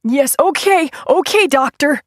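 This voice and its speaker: A woman voicing a small, middle-aged male asylum patient who talks in a high-pitched, pleading whine. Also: a little slow, fairly bright tone, no room sound, studio quality. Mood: whining pleading.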